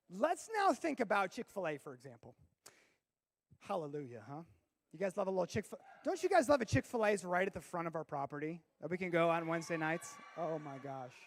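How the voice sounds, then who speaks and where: Animated high-voiced youth pastor. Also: male voice, gravelly. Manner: animated storyteller, bursts into shouting for effect. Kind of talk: youth sermon with storytelling.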